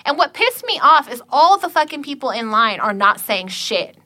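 A woman telling a story in casual podcast chat, swearing constantly and acting out the other people's lines. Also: normal speed. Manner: animated, swears constantly, acts out quotes with big pitch jumps.

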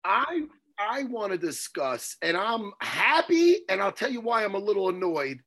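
Male sports co-host, high and bright, fiery theatrical ranter. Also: big pitch swings, moderate pace. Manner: fiery, theatrical ranting with bursts of shouting. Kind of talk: heated sports talk.

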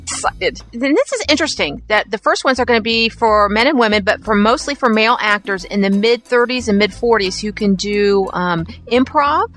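A woman co-hosting a casual podcast with friends. Her voice is bright and lively, rising and falling a lot. She reads the news items with upbeat enthusiasm. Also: medium pitch, moderate pace, few pauses, soft background music. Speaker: podcast host reading fan news. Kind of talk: casual group chat.

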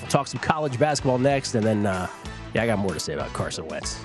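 A man hosting a sports betting talk show, chatting casually in an animated, jokey and emphatic way. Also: fairly low pitch, quick pace, over music.

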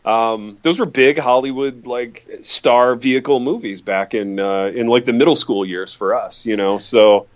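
A man's voice: mid-range voice, measured pace, few pauses. A man in his thirties co-hosting a podcast, talking in a laid-back, agreeable way. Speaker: podcast co-host. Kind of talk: casual chat. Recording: slightly dull lo-fi sound.

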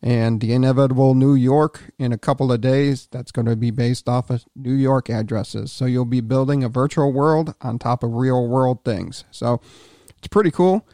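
Male podcast host, casual and rambling, mid-pitched, dry close recording. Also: steady tone, normal speed, dark tone, dry recording. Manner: rambling, with fillers and restarts.

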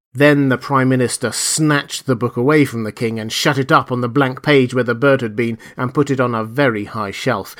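A man reading a children's story aloud, in a gentle and expressive storytelling manner. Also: medium pitch.

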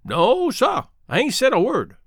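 A man's voice: extremely high pitch, wildly swooping pitch, a little slow, a bit bright, slightly rough, no echo, pitched above the performer's own voice, heavily acted. A man doing a meek, cautious runaway man in an audiobook, giving short, careful answers in dialect. Read close and dry. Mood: cautious denial. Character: cautious grown male runaway slave, Jim.

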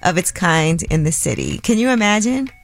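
A woman with a New York accent hosting a radio show, reading news items in a relaxed, chatty way and laughing often. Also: on the low side, normal speed, gravelly, faint music behind. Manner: upbeat, laughs often, reads stories conversationally. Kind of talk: casual radio chat and news segments.

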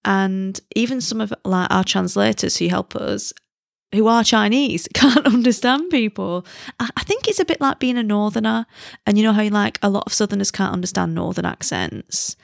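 A woman's voice: mid-range voice, moderate pace, creaky, dry recording, studio quality. A British woman hosting a podcast, chatting casually in a self-deprecating way and laughing at herself now and then. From Britain. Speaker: podcast host. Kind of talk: casual chat.

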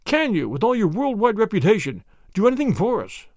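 A man's voice: high voice, huge pitch swings, a little fast, darkish tone, no echo, voice pushed up, full character voice. A man voicing a distraught middle-aged schoolmaster who pleads urgently in a storybook.

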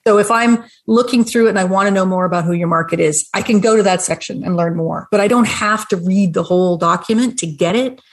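A woman talks through business planning in a friendly, explanatory way, like a teacher speaking to students. Her pitch sits in an ordinary middle range. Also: a little fast, few pauses. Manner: explanatory, friendly, laughs now and then. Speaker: restaurant business consultant and educator. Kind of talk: webinar conversation.

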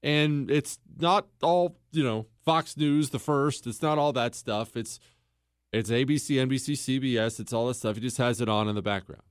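A man's voice: medium pitch, moderate pace, clean tone, dry recording, clean studio sound. A man hosting a talk show, telling a story in an opinionated monologue full of rhetorical questions. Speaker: political podcast host.

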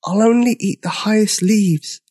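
A man voicing a huge, gentle male dinosaur who speaks in a tiny, shy, soft voice in a storybook reading. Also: sits high, measured pace, husky, pitched above the performer's own voice. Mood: timid. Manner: soft and timid, pleading. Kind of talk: storybook character voice.

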